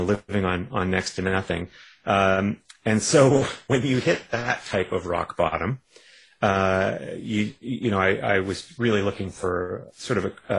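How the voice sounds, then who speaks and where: A man's voice: on the low side, husky, low-quality recording. A man from Canada, an author being interviewed on a radio show, wry and self-deprecating, rambling with many restarts. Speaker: author guest.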